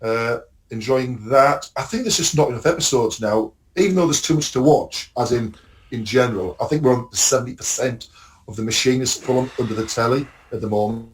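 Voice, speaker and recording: A man's voice: medium pitch, brisk. A man co-hosting a podcast, casually recapping TV episodes, rambling and swearing, acting out scenes. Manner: rambling, swearing, acts out scenes with bursts of excitement. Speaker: podcast co-host. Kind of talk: casual chat about TV shows.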